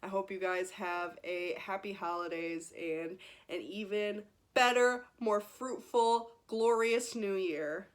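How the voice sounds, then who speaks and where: A woman's voice: mid-range voice, fairly even intonation, slow, hardly any pauses. Gushing, teary young woman vlogger. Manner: gushing, emotional, laughs often and tears up. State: teary, close to crying. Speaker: book vlogger. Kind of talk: casual vlog chat.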